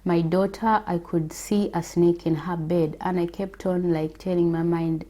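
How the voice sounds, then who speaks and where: Slow, mellow-voiced woman sharing her testimony. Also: fairly low pitch, steady tone. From Africa. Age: adult with children. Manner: slow and reflective, with hesitant fillers. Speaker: faith testimony speaker. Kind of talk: personal testimony.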